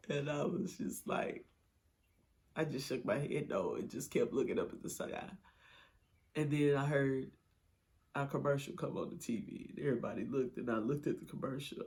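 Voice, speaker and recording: A woman's voice: a bass voice, moderate pace, darkish tone. A middle-aged woman, telling her own story in an interview, candid and blunt, swearing freely. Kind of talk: emotional personal storytelling.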